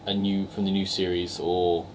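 A young man from England, co-hosting a casual games podcast in a lowish voice. He rambles, with plenty of ums and restarts. A faint hiss sits under the recording. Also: flat delivery, normal speed, darkish tone. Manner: rambling, many fillers and restarts. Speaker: podcast co-host reviewing games.

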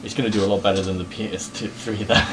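A man's voice: fairly low pitch, little pitch movement, very fast, fairly bright tone. A man co-hosting a casual podcast, hesitant and often restarting his sentences. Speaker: podcast co-host. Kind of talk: casual banter. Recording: distant mic with clear background noise.

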